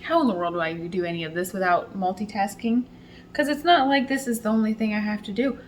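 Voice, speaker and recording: A woman's voice: medium pitch, slight background noise, rough recording. Chatty woman vlogging her soap making. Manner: chatty, self-deprecating, talks in quick bursts. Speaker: soap maker and channel host. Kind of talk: casual vlog narration while working.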